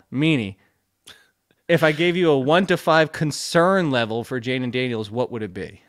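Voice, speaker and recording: Guy ranting on a sports podcast, kinda high voice, gets tongue-tied when he's worked up. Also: moderate pace, fairly bright tone. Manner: fired-up ranting, tongue-tied, laughing at himself. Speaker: fantasy football analyst. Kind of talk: casual podcast chat.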